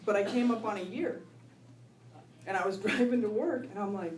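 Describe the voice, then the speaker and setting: In an echoey room, a middle-aged woman's voice comes from a distance as she recounts her recovery to an audience, often laughing and asking "right?" Her mid-range voice moves at a moderate pace with frequent pauses, over a little hiss or hum.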